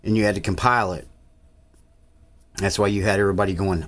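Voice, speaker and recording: Laid-back low-voiced man. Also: fairly even intonation, fast talker, fairly bright tone. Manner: easygoing, rambling, with filler uhs. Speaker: tech channel host. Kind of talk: casual screen-recorded tutorial narration.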